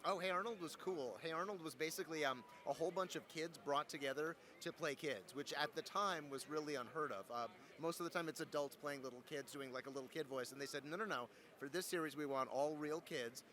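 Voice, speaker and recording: A man's voice: fairly high pitch, fast talker, hardly any pauses. A young adult man, a voice actor, telling stories in a casual interview, playful and joking. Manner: playful, joking, animated storyteller. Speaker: voice actor guest.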